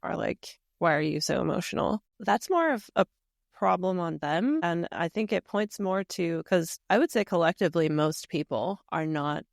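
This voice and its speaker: A podcast host talking reflectively in casual conversation, often pausing on fillers as thoughts form. The voice has a noticeable gravelly fry. It is recorded dry and close. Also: medium pitch, animated, no room sound. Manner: reflective and hesitant, many fillers.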